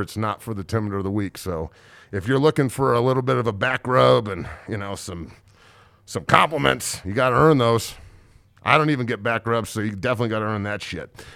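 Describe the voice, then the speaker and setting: A man in his thirties hosting a podcast, telling stories and ranting in a blunt, profane, joking way, loudly acting out the people he quotes. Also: lowish voice, no echo, clean studio sound. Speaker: podcast host and strength coach. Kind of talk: casual storytelling rant.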